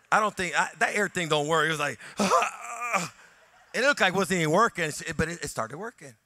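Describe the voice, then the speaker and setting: Bright-voiced male pastor preaching. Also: a little high, no room sound. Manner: animated anecdotal preaching, acting out dialogue. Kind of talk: sermon.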